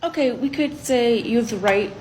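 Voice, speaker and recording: A woman playing a brisk, impatient male leader chairing a meeting. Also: on the high side, noisy background, lightly acted.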